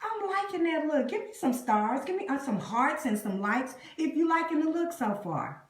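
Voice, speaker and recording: A woman's voice: high voice, big pitch swings, normal speed, echoey room. A woman hosting a live makeup tutorial, chatting with viewers and calling them y'all and honey. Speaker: beauty vlogger. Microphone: phone camera up close.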